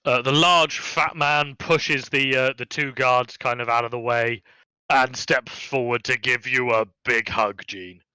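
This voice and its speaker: A man narrating as game master in a tabletop game, chatty and relaxed with many fillers. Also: mid-range voice, measured pace, clear, resonant tone, dry recording, poor audio.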